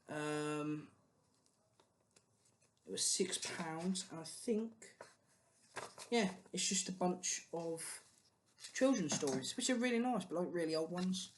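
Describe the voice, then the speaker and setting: British book vlogger, mid-pitched, chatty and meandering, faint noise behind. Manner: rambling, many ums and restarts, chatty. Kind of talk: casual book haul chat.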